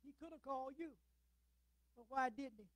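An older man with a drawl preaches in a notably high voice, tossing rhetorical questions out to the pews. He drops from booming declarations to near-murmured asides. The sound is close and dry. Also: normal speed, dry recording, rough recording. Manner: emphatic preaching with rhetorical questions and call-outs to the congregation; swings between loud declarations and low, quiet asides. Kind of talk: sermon.

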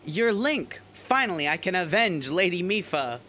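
A man's voice: sits high, sing-song, normal speed, pushed and bright, a little hiss or hum, voice pushed up, heavily acted. A man voicing an angry, vengeful male fish-folk soldier, reading game dialogue aloud in an accusing, declaiming way.

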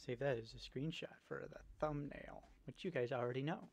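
A man's voice: mid-range voice, normal speed, vocal fry, husky. A man giving let's play commentary, jumpy and swearing when startled, slipping into accents when scared. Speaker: gaming video creator.

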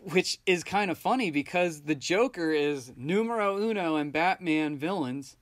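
A man's voice: on the high side, animated, normal speed. A man co-hosting a film podcast, casually retelling scenes and acting out quoted lines. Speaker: podcast co-host.

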